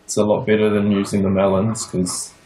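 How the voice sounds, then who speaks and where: A young man with a New Zealand accent giving a casual tour of his game build, pausing often with fillers. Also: lowish voice, completely flat delivery, dark tone, rough recording. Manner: hesitant, many pauses and fillers.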